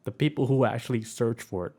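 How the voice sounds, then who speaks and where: A man's voice: medium pitch, fast talker, dark tone. A man hosting a podcast in loose, profane, enthusiastic casual chat. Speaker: podcast host.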